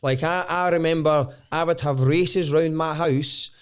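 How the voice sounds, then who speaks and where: A Scottish man in his thirties, a stand-up comedian guesting on a podcast, telling lively anecdotes with casual swearing. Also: a little high, unhurried, clean tone. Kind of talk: casual storytelling chat.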